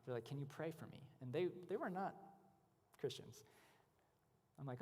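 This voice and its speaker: Casual male speaker, storytelling testimony, mid pitch, long hall reverb. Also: animated, brisk, pauses often, a little mellow. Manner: conversational storytelling with many fillers. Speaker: guest speaker. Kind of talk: testimony talk at a church event. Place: church hall.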